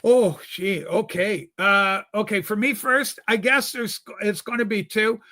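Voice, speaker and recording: A man's voice: high-pitched, measured pace, pushed and bright. A man hosting a casual podcast chat, rambling and enthusiastic. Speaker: show host.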